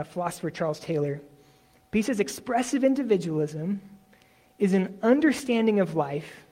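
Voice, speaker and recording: A man preaching a sermon in a relaxed, conversational way, often acting out imagined replies. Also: high voice. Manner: conversational, self-correcting, uses imagined dialogue. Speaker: pastor.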